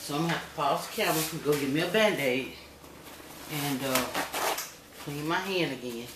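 A woman's voice: low voice, normal speed. An older woman, a grandmother, cooking at home in her kitchen and chatting folksy to her viewers, often checking in with "okay?". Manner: folksy, chatty, keeps asking "okay?" and calls viewers y'all and baby. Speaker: home cook. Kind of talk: cooking demonstration vlog. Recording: echoey room with loud background noise.

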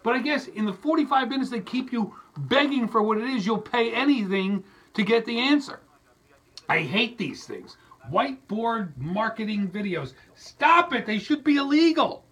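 A male radio host in an exasperated comic rant, his pitch swooping animatedly as he acts out scenes. His voice is bright and a little husky. He sounds fed up and keeps things moving. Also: lively intonation, moderate pace, low-quality recording.

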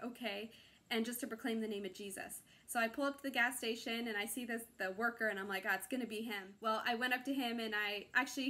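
Woman, slightly high bright voice; casual rambling testimony, many "like"s, acts out her own thoughts. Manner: rambling, filler-heavy storytelling with many "like"s; acts out her own inner voice in quick quoted asides. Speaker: parishioner sharing a testimony.

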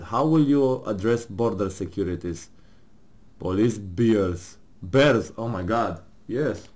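A man's voice: mid-range voice, darkish tone. A man playing a game with his partner, casually joking, laughing and swearing as he reads questions and answers aloud in a mock-serious tone. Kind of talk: casual gaming commentary, reading game text aloud.

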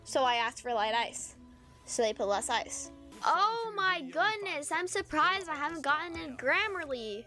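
A young woman from California chatting casually on a solo livestream, rambling and deadpan with self-mocking asides. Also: high voice, a little slow. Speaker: streamer. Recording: music playing behind.

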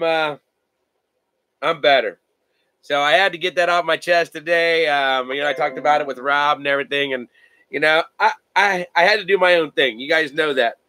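A man's voice: a little high, pushed and bright, clear, resonant tone, no echo, poor audio. A man hosting a card-breaking livestream from home, chatting casually and rambling with many fillers and restarts.

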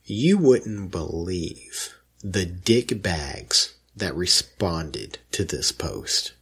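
A husky-voiced man co-hosting a casual podcast chat. He rants with real indignation, and his pitch leaps and dips all over as he gets worked up. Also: extremely slow. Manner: indignant, animated ranting storyteller. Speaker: podcast co-host.

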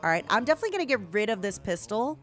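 A young woman streaming a video game, chatting casually with viewers in excitable bursts. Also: fairly high pitch, rapid-fire. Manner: excitable, yelling and laughing bursts. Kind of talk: casual gameplay commentary. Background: game music.

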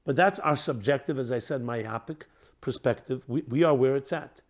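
A man speaking as a rabbi in a reflective teaching talk, posing rhetorical questions and trailing off softly at the ends of phrases. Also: mid-range voice, normal speed.

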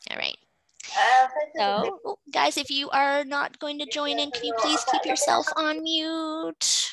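A woman's voice: high voice, unhurried, heavy background noise. A Canadian woman teaching an English class over a video call, patiently explaining grammar and calling on students.

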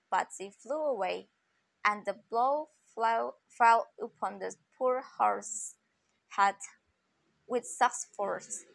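A woman's voice: mid-range voice, vocal fry, a bit bright, dry recording, poor audio. A woman reading a fairy tale aloud carefully, often restarting phrases. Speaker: reader.

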